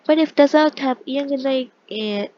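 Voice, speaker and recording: Woman, language teacher, fairly high voice, patient explaining, dull lo-fi sound. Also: normal speed. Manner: explains patiently, with frequent restarts and check-ins. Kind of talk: casual online lesson explaining pronunciation.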